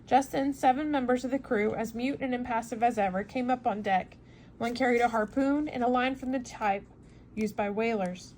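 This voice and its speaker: A woman reading a novel aloud in steady narration, with small slips and restarts. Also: fairly high pitch, moderate pace, a little hiss or hum, poor audio. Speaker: reader.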